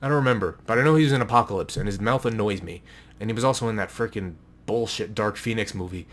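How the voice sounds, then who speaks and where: A man's voice: lowish voice, fast talker. A man chatting casually to the camera at home, rambling and correcting himself as he goes, with an offhand, slightly crude manner. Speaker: vlogger showing his book collection. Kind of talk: casual chat. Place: indoors at home with a noise in the room. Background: a distracting noise in the room.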